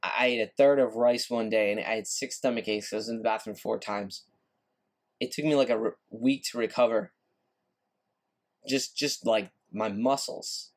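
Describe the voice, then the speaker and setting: A man's voice: on the low side, fairly even intonation, normal speed. A man hosting a solo podcast, ranting in a frustrated, repetitive way and swearing casually. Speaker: podcast host.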